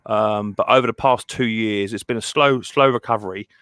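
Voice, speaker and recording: A man hosting a casual live stream chat, rambling and halting, with many restarts and fillers. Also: fairly low pitch, steady tone, fairly bright tone, dry recording, clean studio sound.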